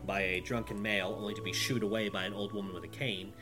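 A man narrating as game master in a relaxed way, with plenty of fillers. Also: on the low side, quick pace. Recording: background music.

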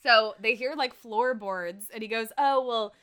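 A woman's voice: on the high side, a little slow, pushed and bright. A woman chatting casually as a podcast co-host, recapping a TV episode, laughing often and acting out the characters' lines.

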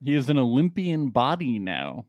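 A man co-hosting a podcast in casual chat, slow and drawn out, with frequent fillers. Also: medium pitch, wildly swooping pitch, no echo, highs cut off. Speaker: podcast co-host.

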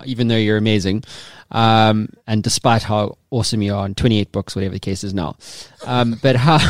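A man's voice: mid-range voice, dry recording. A man hosting a casual podcast, talking in a loose, rambling, slangy way. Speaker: podcast host.

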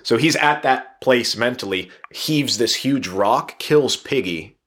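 A man's voice: mid-range voice, takes it slowly. A man in casual conversation, animatedly retelling a novel's plot and acting out the characters' lines. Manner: animated, laughs often, acts out quotes. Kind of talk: casual chat retelling a book.

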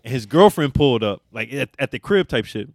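A man's voice: medium pitch, brisk, no room sound. A young man co-hosting a casual podcast, telling a story with lots of slang and swearing. His voice sits in a middle range, and the recording is dry and close. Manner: animated, profane storytelling with slang. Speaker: podcast co-host. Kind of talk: casual chat.

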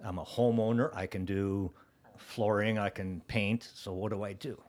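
Low-voiced guy swearing through his story. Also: fairly even intonation, normal speed, a little mellow. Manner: swears freely, acts out quoted people, laughs often. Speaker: guest, contractor. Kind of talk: casual podcast storytelling.

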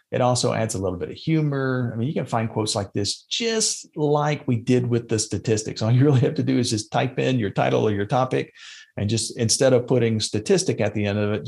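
Gravelly low-voiced man hosting a podcast. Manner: conversational with frequent fillers and restarts. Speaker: podcast host. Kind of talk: casual instructional podcast talk.

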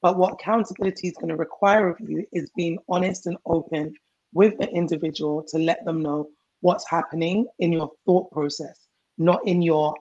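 Husky woman coach on muffled audio. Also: fairly low pitch, fairly even intonation, moderate pace, darkish tone. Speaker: emotional healing coach. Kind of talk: guest advice on a talk show.

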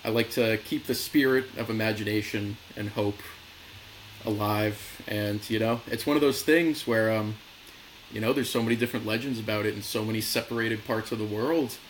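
A man's voice: lowish voice, steady tone, normal speed, slight background noise, low-quality recording. A man co-hosting a podcast in casual chat, retelling things with a lot of laughter. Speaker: podcast co-host.

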